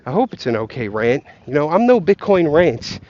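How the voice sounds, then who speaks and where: A man's voice: a little high, very animated, normal speed, darkish tone, dull audio. A man ranting and joking while walking outdoors, profane and rambling, talking straight to his viewers. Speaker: vlogger. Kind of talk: rambling comic rant. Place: outdoors, walking along a path.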